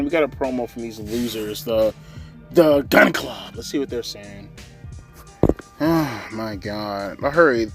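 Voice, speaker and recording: A man ranting through a casual, profane, sarcastic wrestling show review. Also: medium pitch.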